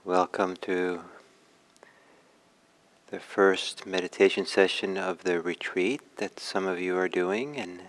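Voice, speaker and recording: A man leading a guided meditation talk as a meditation teacher, speaking gently with long pauses. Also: low voice, animated, creaky, poor audio.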